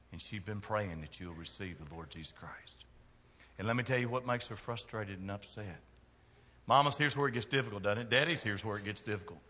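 A middle-aged man, preaching a sermon in a church with folksy jokes and big swings in loudness. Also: on the low side, long reverb tail, slight background noise. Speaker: pastor. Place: church sanctuary.

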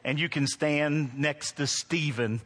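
A middle-aged man preaches a sermon to his congregation in a church, his voice high and bright. He mixes humorous personal stories with emphatic preaching. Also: fairly even intonation, slow. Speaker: pastor.

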